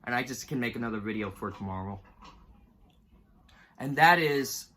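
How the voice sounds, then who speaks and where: Twenty-something guy doing a home vlog, rambly and choked up, trying not to cry, average pitch. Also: lively intonation, moderate pace, sharp tone. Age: 20s. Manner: emotional, rambling, fighting back tears. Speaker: YouTuber ranking cartoon moments. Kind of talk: casual vlog commentary.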